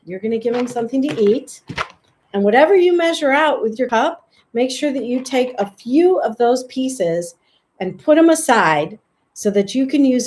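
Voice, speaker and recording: A woman dog trainer giving a casual, friendly how-to talk, chatty and relaxed, lifting her voice high for sample calls. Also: slight background noise. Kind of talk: casual instructional talk to camera.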